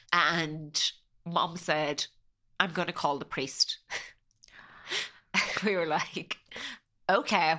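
A woman's voice: lowish voice, pushed and bright. A young woman, a podcast guest, telling a personal story in a chatty way, often quoting herself and her family.

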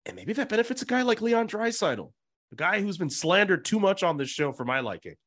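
Lively man hosting a sports podcast. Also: high-pitched, a little fast. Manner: animated, playful devil's-advocate banter. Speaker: podcast host. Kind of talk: casual sports podcast chat.

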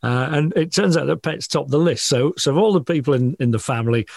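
Gravelly man explaining dog training. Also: a little high, a little fast, a little mellow, dry recording, clean studio sound. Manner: chatty and explanatory, laughs often. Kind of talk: casual radio interview.

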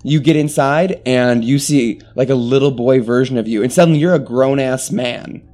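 Mellow-voiced man narrating a tabletop game. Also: mid-range voice, moderate pace, faint music behind. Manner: rambling, full of restarts and fillers. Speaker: game master.

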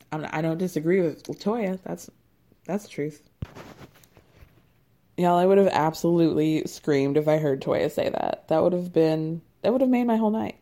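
A woman's voice: on the low side, dark tone. A woman casually recapping a reality show episode, chatty and gossipy, often laughing as she retells the scenes.

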